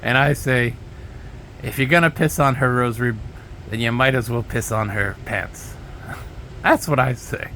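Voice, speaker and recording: A man's voice: mid-range voice, a little slow, pauses often, bright, forceful tone, slight background noise, rough recording. A man doing a brash, bragging older politician. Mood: boastful. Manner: bragging, repetitive, exaggerated. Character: boastful older male politician impression, brash. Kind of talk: mocking impression in a monologue.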